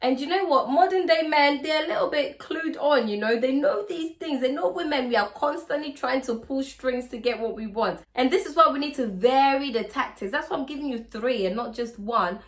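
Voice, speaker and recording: A woman with a Ghanaian accent chats through relationship tips in a casual vlog. Her voice sits a little high, and her manner is playful and teasing. Now and then she slips into a sweet, coaxing voice. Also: a little fast, few pauses. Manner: playful, teasing, acts out sweet-talking lines. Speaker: vlogger giving relationship advice.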